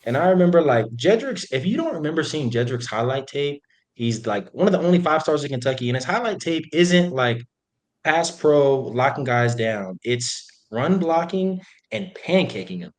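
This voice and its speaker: A man's voice: on the high side, normal speed. A young man, a former football player, telling stories in a chatty interview with lots of "like"s. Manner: animated, chatty, many fillers. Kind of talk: casual storytelling interview.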